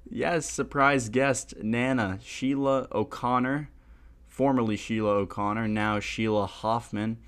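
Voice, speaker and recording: A man's voice: medium pitch, fairly even intonation, measured pace, fairly bright tone, clean tone. A young man hosting a podcast, rambling casually and laughing at himself. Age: young adult. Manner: rambling, self-deprecating, laughs often. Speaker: podcast host.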